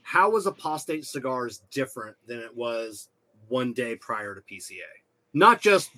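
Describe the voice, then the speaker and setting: A man hosting a casual interview, halting with fillers and restarts, swearing casually. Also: medium pitch, big pitch swings, sharp tone. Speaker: podcast host.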